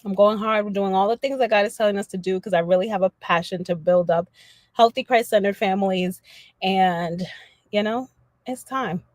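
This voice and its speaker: A woman chatting casually on a livestream, animated and slangy, laughing often as she talks to her viewers. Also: mid-range voice, moderate pace, no room sound. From Dominican family background. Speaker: livestream host.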